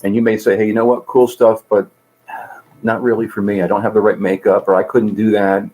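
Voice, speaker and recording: A man's voice: lowish voice, little pitch movement, a little fast, a little mellow, poor audio. A middle-aged man speaking earnestly in an interview, telling stories and voicing the people in them. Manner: earnest, tells stories with voiced characters. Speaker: guest, peer support coordinator. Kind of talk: conversational interview.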